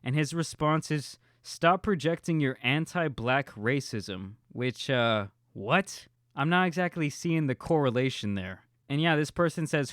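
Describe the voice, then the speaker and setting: A man's voice: mid-range voice, clean tone, no room sound, clean studio sound. A man hosting an online reaction video, talking casually and earnestly with lots of "kinda" and "uh" fillers. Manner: earnest, conversational, frequent "uh" and "kinda". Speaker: YouTube reaction host.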